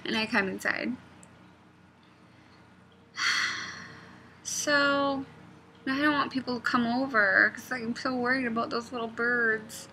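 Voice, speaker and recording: Woman, rambling casual chat, digressive, crisp bright voice, slightly high. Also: fairly even intonation, moderate pace, long pauses, a little hiss or hum. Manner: rambling, digressive, drops to a near-whisper. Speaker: knitting pattern designer.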